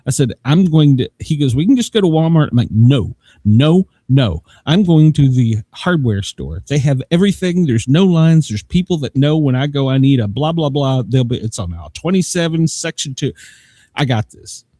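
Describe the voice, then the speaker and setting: A man's voice: mid-range voice, very animated, normal speed, dark tone, no room sound. A man hosting a live show, telling a long rambling story with plenty of laughs and swearing, acting out both sides of each conversation. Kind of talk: casual storytelling.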